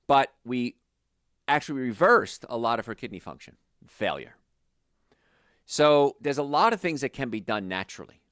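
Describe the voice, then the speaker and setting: In a studio-quality recording with no room sound, a man with a mid-range voice talks at normal speed. As a holistic health practitioner, he responds to viewers' questions in a chatty, animated way, slipping into stories as he goes.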